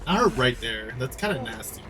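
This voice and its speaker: A man's voice: medium pitch, sing-song, brisk, music in the background. A young man streaming a game, chatting with teammates in a dramatic, sassy way. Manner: dramatic, sassy, shrieking and laughing. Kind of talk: gaming livestream commentary.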